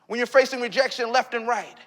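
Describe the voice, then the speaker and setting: A man giving a motivational keynote, telling a personal story that swings between loud excitement and hushed reflection. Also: very high voice, quick pace. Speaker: keynote speaker. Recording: reverberant hall recording.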